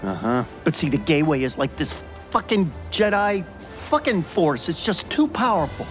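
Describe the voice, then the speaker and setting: A man playing a crude, excitable young movie buff. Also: a little high, faint music behind. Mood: ranting. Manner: fast, profane, animated rant. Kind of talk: audio drama acting.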